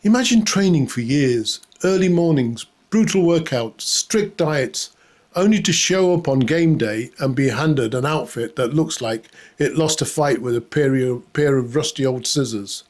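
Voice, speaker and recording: A man's voice: medium pitch, animated, unhurried, a little mellow. A man delivering a satirical comedy monologue in a sarcastic, mock-outraged way, often laughing at his own jokes. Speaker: comedy host.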